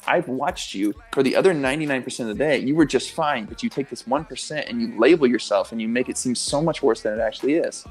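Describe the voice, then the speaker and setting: A man's voice: mid-range voice, quick pace, hardly any pauses, soft background music. A young man as a guest on a radio interview show, talking with passion and emphasis and swearing freely. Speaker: guest, pro athlete and coach.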